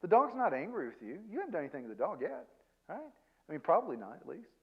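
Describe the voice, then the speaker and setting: Male guest speaker, slightly high voice, chatty and self-deprecating, dull lo-fi recording. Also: huge pitch swings, fast, slightly rough. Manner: chatty, self-deprecating, peppers points with "okay?" and "right?". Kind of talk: conversational seminar talk to a church audience.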